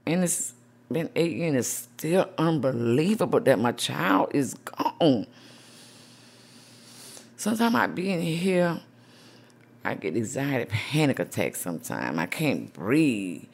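A middle-aged woman, a grieving mother interviewed for a news report, speaking softly and emotionally with many "you know"s. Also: rumbling low, big pitch swings, slow pace, gravelly, husky. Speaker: grieving mother, support group founder.

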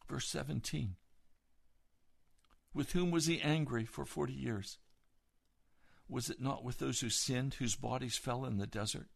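A man's voice: medium pitch, measured pace, vocal fry, pauses often. A man preaching a fervent sermon as a pastor, urgent and exhorting, rising to stern emphasis.

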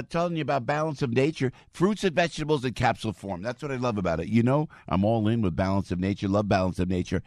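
Older male talk radio host, New Jersey accent, low and chatty, dry studio sound. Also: no echo. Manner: chatty, rambling, excitable. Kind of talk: talk radio host reading live ads. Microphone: studio mic.

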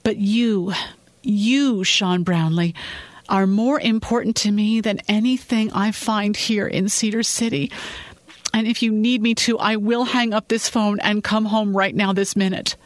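A woman's voice: medium pitch, fairly even intonation, a little slow, dry recording, pitched above the performer's own voice, close to an everyday voice. A woman voicing a determined wife who pleads with her husband in earnest in a fiction reading. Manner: earnest, apologetic, resolute. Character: determined young wife, private investigator. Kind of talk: audiobook-style fiction reading.

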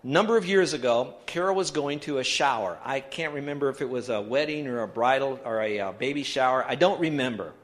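A man's voice: medium pitch, a little fast, hardly any pauses. A pastor giving an emphatic sermon, leading his congregation in reading aloud together. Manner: emphatic preaching, leads the congregation in call-and-response reading. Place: church sanctuary.

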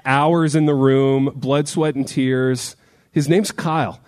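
A man's voice: mid-range voice, steady tone, takes it slowly, darkish tone. A man hosting a live podcast with sarcastic, teasing emcee banter. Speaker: podcast host.

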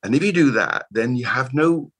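Husky old bristol guy in his 80s, rambling stories, keeps restarting words. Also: medium pitch, animated, normal speed, fairly bright tone, rough recording. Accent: Bristol English. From Bristol, England. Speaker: guest. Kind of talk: casual conversational storytelling.

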